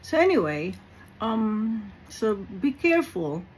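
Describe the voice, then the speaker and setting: A woman with a Filipino accent giving an informal spiritual talk, earnest and animated, dropping in Tagalog phrases and laughing between them. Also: mid-range voice, takes it slowly, slight background noise, rough recording. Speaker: faith speaker.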